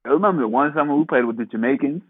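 A man in his twenties in a casual chat, telling stories in a relaxed way and laughing along. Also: mid-range voice, racing, slightly rough, dry recording. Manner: relaxed storytelling with laughter and voiced quotes. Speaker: podcast co-host. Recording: thin phone-like line.

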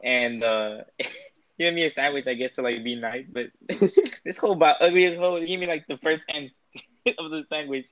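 A man's voice: a little high, moderate pace, fairly bright tone, low-quality recording. A young man telling a story in a casual chat with friends, laid-back and slangy, laughing between words. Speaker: friend in a group call.

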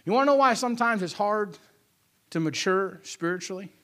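A man's voice: sits high, lively intonation, fairly quick, fairly bright tone. A male preacher delivering a sermon in an emphatic, conversational way, repeating key phrases.

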